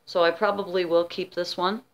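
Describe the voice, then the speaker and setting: Chatty middle-aged woman, slightly low voice. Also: level tone, normal speed. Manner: rambling and chatty, with many asides and restarts. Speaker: vlogger showing her auction haul. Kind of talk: casual show-and-tell chat.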